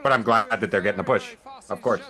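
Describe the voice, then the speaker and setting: A man's voice: fairly low pitch, quick pace, sharp tone. A man co-hosting a casual chat, laid-back and hesitant, with jokes.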